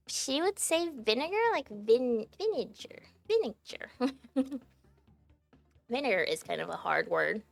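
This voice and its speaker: A woman's voice: fairly high pitch, expressive, slow, creaky, long pauses, soft background music. A young adult woman streaming, chatting casually to her viewers, giggly and filling her talk with "like". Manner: chatty and giggly, heavy use of "like" fillers. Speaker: livestreamer.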